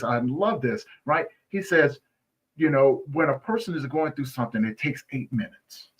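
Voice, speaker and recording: A man's voice: fairly high pitch, normal speed, slightly rough, lo-fi sound. A man speaking as a guest in a conversational interview, earnest, often asking "right?" and restarting his phrases.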